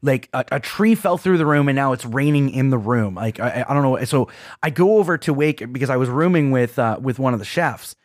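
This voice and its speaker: A man co-hosting a podcast, telling a rambling, animated story with lots of restarts and quoted asides. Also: mid-range voice, a little fast, no room sound, clean studio sound. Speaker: podcast co-host. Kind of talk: casual chat, storytelling.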